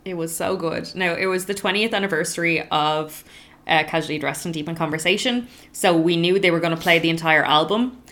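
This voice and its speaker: A woman's voice: fairly low pitch, fairly quick, fairly bright tone. A woman, chatting casually as a podcast co-host and laughing often. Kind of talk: casual chat.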